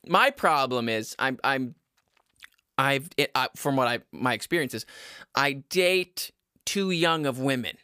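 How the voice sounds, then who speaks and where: A man's voice: medium pitch, animated, unhurried, bright, forceful tone, smooth, dry recording, studio quality. A man in his twenties rambling crudely at home to his viewers, often laughing at his own jokes and stumbling over his words. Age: 20s. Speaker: vlogger giving dating advice. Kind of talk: casual rambling monologue to camera.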